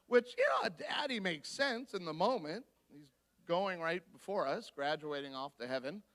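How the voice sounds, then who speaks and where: Bright, gravelly-voiced man telling a story. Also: a little high. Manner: animated storyteller, acts out voices. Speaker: guest speaker. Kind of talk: storytelling sermon. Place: church.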